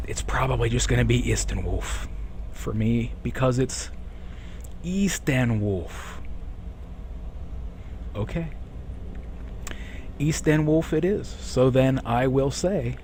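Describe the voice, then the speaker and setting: A man streaming a game live, chatting with viewers in a rambling way. He keeps correcting himself and clearing a sore throat. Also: mid-range voice, darkish tone, slight background noise. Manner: rambling, self-correcting, reads chat aloud. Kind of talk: casual live-stream chat.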